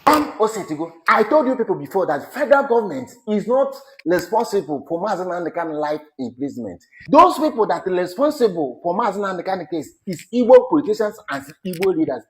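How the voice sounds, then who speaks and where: A man, hosting a channel, introduces a clip in a brisk, instructive way. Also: high-pitched, very animated, a little hiss or hum, rough recording. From Nigeria. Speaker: channel host. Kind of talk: video introduction.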